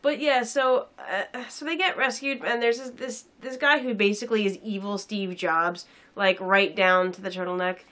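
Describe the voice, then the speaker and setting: A woman's voice: medium pitch, fairly even intonation, normal speed, hardly any pauses, fairly bright tone. A young woman casually reviewing a film in a sarcastic, rambling way with many fillers.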